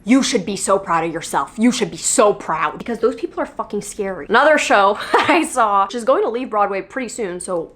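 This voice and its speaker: A woman's voice: medium pitch, expressive, a little fast, few pauses, a bit bright. A young woman in her twenties chatting casually in a vlog, gushing and playful, swearing freely and poking fun at herself. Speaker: vlogger. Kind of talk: casual chat. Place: New York.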